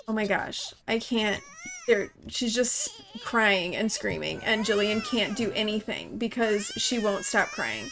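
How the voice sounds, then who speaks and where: A woman's voice: medium pitch, very animated, measured pace, creaky, a bit bright. A woman hosting her own gaming channel, giving chatty let's-play commentary and talking straight to the characters in her game.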